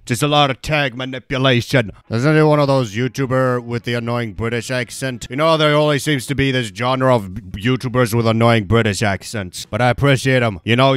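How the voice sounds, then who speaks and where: Young man, gaming YouTuber, sarcastic and self-mocking, clear smooth voice, dry close mic. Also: mid-range voice, fairly bright tone, no echo. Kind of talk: Roblox gameplay commentary.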